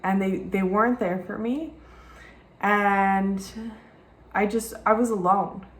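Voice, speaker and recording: In an echoey, white-walled rented room, a young woman with a Southern accent talks slowly and steadily in a mid-range voice. Her personal vlog is frank and meandering, and she swears freely.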